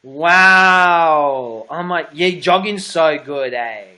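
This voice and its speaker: A man's voice: a little high, extremely slow, sharp tone. A young adult man hosting a casual livestream chat, gossipy and giggly with a camp manner. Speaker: host.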